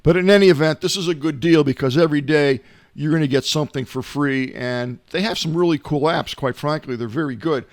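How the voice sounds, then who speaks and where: A middle-aged man talks through gadgets and free apps in a loose, rambling way, with plenty of uhs. His voice sits a little high for a man. It sounds dry and close, recorded at home. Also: a little fast, no echo. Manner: rambling, folksy, many filler uhs. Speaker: tech show host. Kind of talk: casual tech gadget talk. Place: home, not in the studio.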